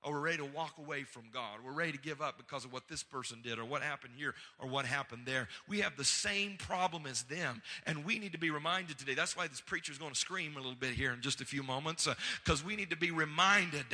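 A man preaching a sermon to a congregation, building to loud, fervent exhortation and calling for amens. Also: a little high, fast talker, few pauses, long reverb tail. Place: church sanctuary.

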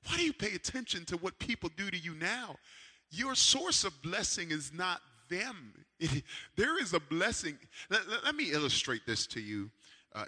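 A man preaching a sermon with a personal story, animated, swinging from loud calls to hushed asides. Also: medium pitch, in a large hall. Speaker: pastor.

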